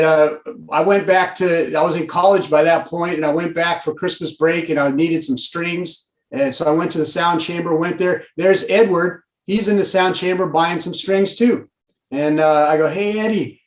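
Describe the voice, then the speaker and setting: A man in his sixties from Pasadena, a guest telling stories in a rambling, animated way with lots of fillers. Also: a little high, normal speed, roomy sound. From Pasadena, California. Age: 60s. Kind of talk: casual storytelling.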